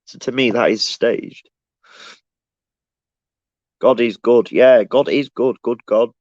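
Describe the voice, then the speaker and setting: A man's voice: medium pitch, slow pace, darkish tone, dry recording. A man talking casually on a live stream, rambling and restarting his sentences as he answers the chat. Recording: dull, dry lo-fi sound.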